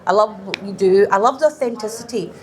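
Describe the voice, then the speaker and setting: A woman's voice: mid-range voice, quick pace. A woman guest on a podcast, chatting casually and teasing with lots of giggles. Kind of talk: casual chat.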